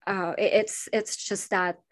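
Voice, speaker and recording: A woman, a restaurant owner speaking on an online panel. She talks haltingly, with many restarts, and gets emotional. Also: medium pitch, fairly even intonation, fairly bright tone.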